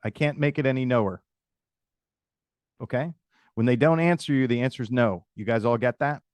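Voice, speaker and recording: A man's voice: medium pitch, moderate pace, no echo. A man hosting a live webinar on video call, coaching sales agents and improvising sample messages while calling on attendees by name.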